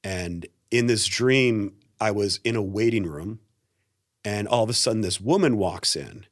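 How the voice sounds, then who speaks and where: Middle-aged male pastor, guest storyteller; low pitch, dry close mic, animated delivery. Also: unhurried, dry recording. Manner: animated storyteller, acts out quotes. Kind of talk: storytelling in a podcast interview.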